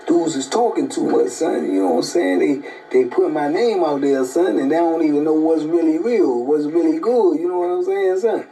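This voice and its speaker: A man's voice: a little high, moderate pace, vocal fry, few pauses, dark tone, faint music behind, low-quality recording. A man voicing a cocky young male New York inmate who ends nearly every phrase with "son". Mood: hyped. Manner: repeats "son" and "word" after every phrase.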